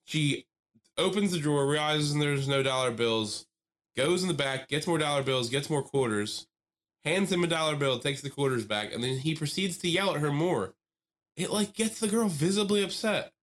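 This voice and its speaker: Young male podcast co-host, lively storyteller, swears a lot, does voices for the people in his stories. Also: a little high, moderate pace. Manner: animated storyteller, swears freely, acts out quoted people. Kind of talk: casual chat.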